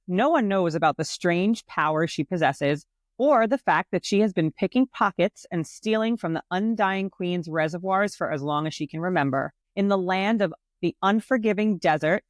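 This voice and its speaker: A woman's voice: on the low side, no echo. New York woman, dry close sound. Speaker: podcast co-host. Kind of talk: casual book-chat, reading a summary aloud.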